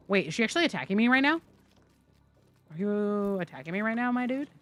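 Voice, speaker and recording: A woman's voice: medium pitch, expressive, fairly quick, a bit bright, soft background music. A woman streaming live gameplay, chatting and joking with her viewers as she plays. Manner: chatty, jokey, talks to chat. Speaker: game streamer.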